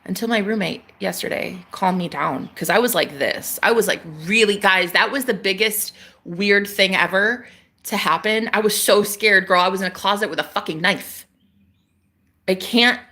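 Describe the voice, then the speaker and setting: A young woman hosting a livestream, telling a rambling story in a casual, animated way, swearing and swinging between loud outbursts and hushed murmurs. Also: a little high. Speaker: livestream host.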